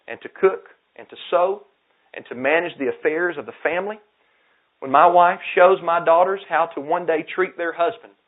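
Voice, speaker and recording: A man preaching a sermon with fervent exhortation that swings between loud calls and hushed emphasis. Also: on the high side. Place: outdoor camp meeting in the woods. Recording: tinny phone-like sound.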